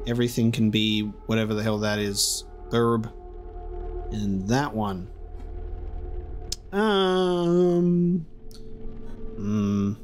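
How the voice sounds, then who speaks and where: A man giving casual, chatty let's-play commentary, thinking out loud and poking fun at himself. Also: lowish voice, takes it slowly, long pauses. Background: game music.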